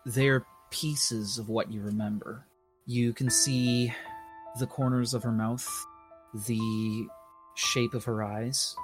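A man narrating as game master in a slow, measured, descriptive way. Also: mid-range voice.

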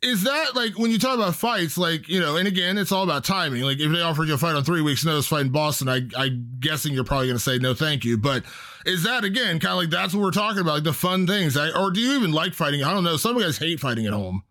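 A man's voice: on the high side, expressive, fast, sharp tone. A man hosting an interview, chatty and enthusiastic, asking leading questions. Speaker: podcast host. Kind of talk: casual interview chat.

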